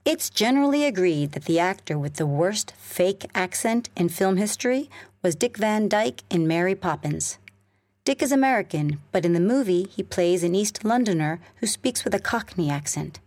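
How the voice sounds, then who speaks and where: A woman reading a scripted English listening lesson in a clear, measured way. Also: mid-range voice, animated, a little mellow, no echo. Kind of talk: scripted narration.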